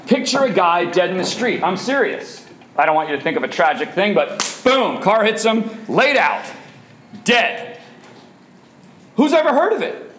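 High, lively man preaching a sermon. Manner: emphatic, asks the audience rhetorical questions. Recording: echoey room.

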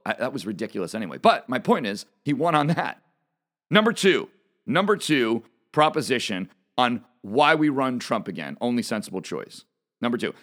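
A man's voice: medium pitch, fairly bright tone. A middle-aged man giving an opinionated political monologue as a commentator, emphatic and repeating his points with rhetorical questions.

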